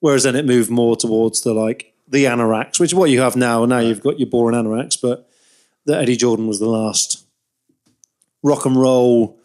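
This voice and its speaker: A man's voice: medium pitch, normal speed, a little mellow. A man in his thirties co-hosting a podcast, telling long rambling anecdotes in casual chat and laughing along. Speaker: podcast co-host.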